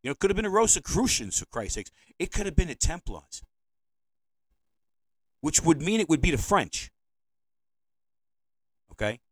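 A man's voice: a little high, sing-song, normal speed, pauses often, no room sound, poor audio. A man, hosting a podcast as an opinionated monologue. He rambles, repeats himself and says provocative things. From United States. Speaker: podcast host. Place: indoors, seated at home.

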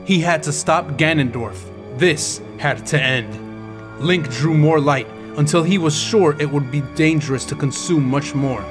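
A man's voice: on the high side, a little slow, music in the background. A man narrating an audiobook chapter with dramatic, intense storytelling.

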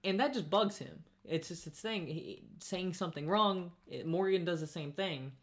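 A man's voice: high voice, moderate pace, fairly bright tone. A young man co-hosting a podcast, rambling through casual stories with restarts and acted-out quotes. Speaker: podcast co-host. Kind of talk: casual storytelling chat.

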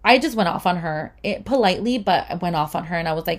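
A woman's voice: fairly low pitch, expressive, quick pace, hardly any pauses. A young woman in casual storytime talk, chatty and full of swearing and "like". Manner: chatty, swears a lot, uses "like" often. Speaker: vlogger.

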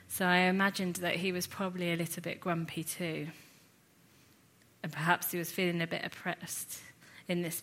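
A woman teaching a sermon series, retelling a scripture story in an earnest, reflective way with lively asides. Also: on the low side. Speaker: Bible teacher.

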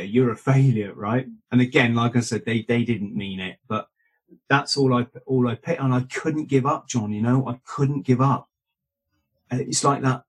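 Husky ex-Marine telling stories. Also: male voice, medium pitch. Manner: earnest, checks in with "right?" and "mate". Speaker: guest, former Royal Marine. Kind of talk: conversational storytelling.

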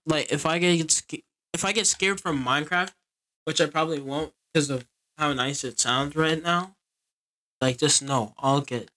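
A man's voice: a little high, bright, forceful tone. A man giving casual, rambling gameplay commentary and talking to his viewers. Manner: rambling, easygoing, talks to viewers. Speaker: gaming video creator.

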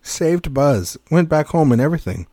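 A man's voice: a little high, very animated, normal speed, warm tone, no room sound, studio quality. A man co-hosting a casual film podcast, rambling through jokes and tangents, swearing freely and laughing mid-sentence. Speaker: podcast co-host.

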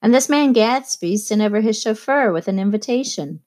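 A woman's voice: medium pitch, lively intonation, normal speed, darkish tone, lightly acted. A woman reader voicing a young man who speaks eagerly and asks questions in an audiobook. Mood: curious. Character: young man, curious newcomer at a party.

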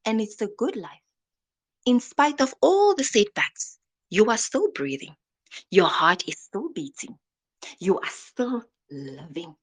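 Slow, whispery woman preaching. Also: medium pitch, very animated, breathy edge. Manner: dramatic, drops into soft whispers. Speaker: motivational speaker. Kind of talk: inspirational sermon.

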